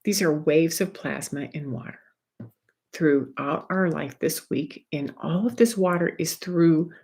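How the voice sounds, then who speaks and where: A woman speaking as a spiritual energy guide, teaching gently in a soft, meandering way from home. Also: low voice, a little slow, slightly rough. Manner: soft, meandering, with light laughs and asides.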